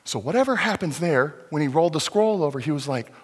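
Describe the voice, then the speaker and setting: A man preaching a sermon as pastor, acting out scenes and swinging from loud excitement to hushed, intimate lines. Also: fairly high pitch, fast talker, husky. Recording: long hall reverb.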